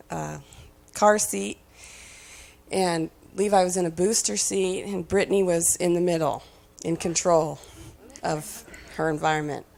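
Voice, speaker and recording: A middle-aged woman telling a family road-trip story in an animated way, acting out the kids' shouting and laughing along. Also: lowish voice, creaky. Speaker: speaker sharing family stories. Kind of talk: storytelling talk.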